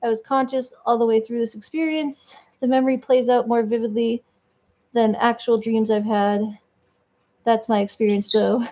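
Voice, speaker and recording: A woman's voice: on the high side, fairly even intonation, normal speed, mellow. A woman vlogger casually reading online stories aloud, rambling with off-script asides, on a dull lo-fi recording.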